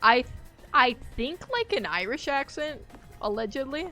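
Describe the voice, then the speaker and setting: A woman's voice: high-pitched, very animated, a little slow, pushed and bright, faint music behind. A woman streaming a game, chatting casually and rambling, laughing easily as she plays. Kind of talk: casual gaming livestream chat.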